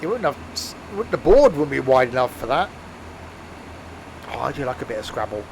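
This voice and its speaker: A man's voice: mid-range voice, normal speed, gravelly. A man casually chatting with his live-stream viewers while playing a game, making wry asides. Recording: steady background noise.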